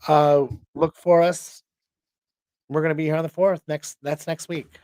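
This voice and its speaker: A man's voice: fairly high pitch, level tone, a little slow, dark tone, clean tone, no room sound. A tired man hosting a show, chatting casually in a rambling way with many restarts. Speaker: host.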